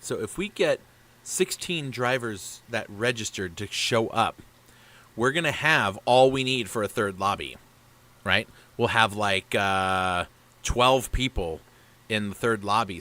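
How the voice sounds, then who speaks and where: A man's voice: fairly low pitch, animated, measured pace, sharp tone. A man hosting a casual live stream for a racing league, talking in a chatty, rambling way. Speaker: league race broadcaster.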